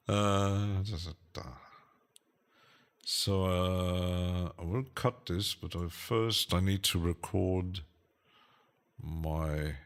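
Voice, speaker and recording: A man's voice: low-pitched, fairly even intonation, extremely slow, pauses often, clear, resonant tone. A man casually chatting on a live stream while producing music, rambling and hesitant, often laughing to himself.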